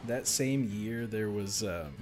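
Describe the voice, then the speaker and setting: Low-voiced rambling streamer guy. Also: takes it slowly, music in the background. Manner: rambling, laughs often. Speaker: game streamer. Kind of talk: casual live-stream chat.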